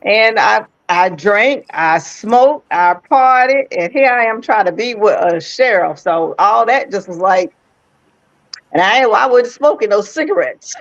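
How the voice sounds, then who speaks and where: A woman's voice: medium pitch, lively intonation, unhurried, no room sound, lo-fi sound. A woman telling a playful, self-mocking story in casual chat, laughing often.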